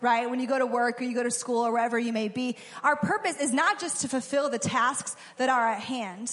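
Young female preacher, conversational sermon, slightly high voice, hall echo. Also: steady tone, a little fast, fairly bright tone. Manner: casual, conversational preaching with acted-out quotes. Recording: long hall reverb.

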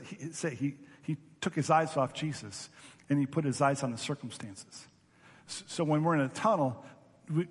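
A man's voice: on the high side, husky, in a large hall. A man preaching a sermon as pastor, telling stories animatedly and acting out voices.

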